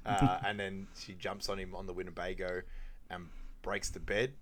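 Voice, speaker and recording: A man with a fairly low voice chats casually as a podcast co-host. He walks through film scenes one by one, dropping into quoted lines and laughing along the way. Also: level tone, measured pace, a bit bright, slight background noise. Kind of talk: casual film recap chat.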